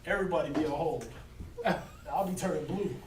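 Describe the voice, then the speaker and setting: Joking and laughing often, a man leads a loose, casual Bible class, slipping in preachy asides at a fairly quick pace. His voice sits high for a man, and the recording is roomy and distant, caught from across the room over a noisy hiss.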